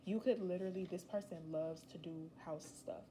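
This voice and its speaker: A woman's voice: fairly low pitch, brisk, dark tone, a little hiss or hum, rough recording. A young woman giving a casual, rambling tarot reading, chatty and slangy with emphatic asides. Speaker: tarot reader.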